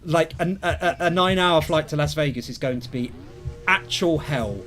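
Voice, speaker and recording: Man, young adult, game streamer, rambling casual commentary, self-deprecating, slightly high voice, faint music behind. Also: normal speed, fairly bright tone.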